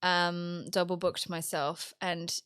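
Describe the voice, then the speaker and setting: A woman's voice: lowish voice, flat delivery, takes it slowly, fairly bright tone, smooth, no room sound, clean studio sound. A young Irish woman co-hosting a podcast, chatting casually and laughing at herself. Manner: chatty, self-deprecating, laughs often. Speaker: podcast co-host. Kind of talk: casual chat.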